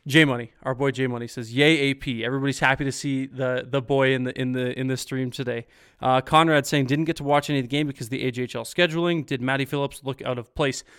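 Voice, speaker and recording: A man's voice: medium pitch, steady tone, quick pace, a bit bright, clean tone. A man hosting a casual post-game hockey stream, reading viewer comments in an upbeat, chatty way. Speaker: podcast host.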